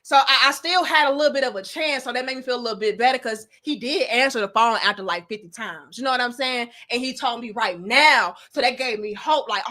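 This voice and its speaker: A woman in her thirties hosting an online show, telling a story to her live chat. She is candid and profane, and she swings between loud outbursts and low asides. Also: brisk, few pauses.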